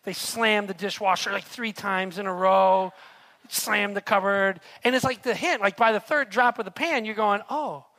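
Animated man preaching a sermon. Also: high voice, normal speed. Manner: animated storytelling with rhetorical asides. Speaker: pastor.

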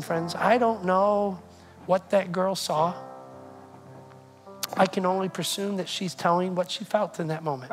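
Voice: medium pitch, poor audio. A pastor preaching a sermon, telling a story earnestly and often repeating words while restarting sentences.

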